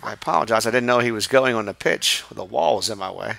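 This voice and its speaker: A man calling a high school baseball game play by play from the press box, brisk and chatty. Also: animated, gravelly, sharp tone. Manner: brisk, chatty, laughs with partner. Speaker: play-by-play announcer. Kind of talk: live baseball play-by-play commentary.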